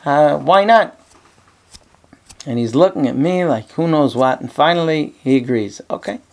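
A man's voice: mid-range voice, expressive, brisk, darkish tone. A man, a rabbi teaching a class in an office, telling a story in a conversational way with many fillers. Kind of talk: storytelling lecture.

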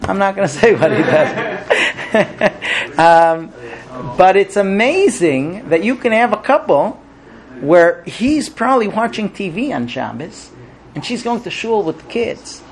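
A man teaching a religious class to a live audience, telling stories and acting out the characters with big jumps in his voice. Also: unhurried. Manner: animated storyteller, acts out characters with big pitch jumps. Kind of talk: Torah class with told stories.

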